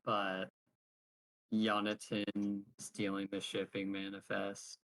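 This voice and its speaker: A man playing in a tabletop game, talking in a relaxed, offhand way. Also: fairly low pitch, slow pace, rough recording. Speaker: player. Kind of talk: casual tabletop game banter.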